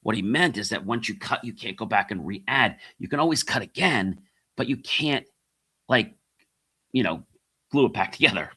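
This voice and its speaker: Motivational host, middle-aged man, forceful bright voice, calls the audience "guys.". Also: on the low side, expressive, normal speed, husky. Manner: repeats key phrases, asks rhetorical questions; addresses listeners as guys. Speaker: podcast host and coach. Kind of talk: motivational monologue.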